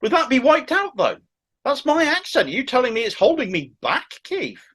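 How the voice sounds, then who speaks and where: A man's voice: very high-pitched, wildly swooping pitch, moderate pace, fairly bright tone, breathy edge. A middle-aged man from Cornwall with a thick Cornish accent, giving sardonic, opinionated political commentary to camera. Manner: sardonic, mocking asides.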